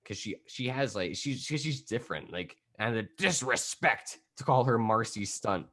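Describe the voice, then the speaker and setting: A young man co-hosting a casual wrestling podcast, rambling excitedly and laughing often. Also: mid-range voice, normal speed. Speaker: podcast co-host.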